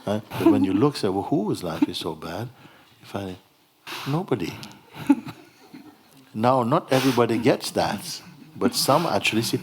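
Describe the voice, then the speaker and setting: Husky gentle spiritual teacher, man. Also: mid-range voice, lively intonation. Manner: gentle, unhurried, laughs often. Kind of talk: satsang dialogue. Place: hall.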